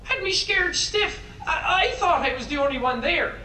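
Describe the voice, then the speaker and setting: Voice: very high voice, lively intonation, moderate pace, pushed and bright, a little hiss or hum, exaggerated voice. A voice actor playing a nervous male factory worker, rambling through a story. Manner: nervous, rambling, swears mildly. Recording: echoey tape recording from a distance.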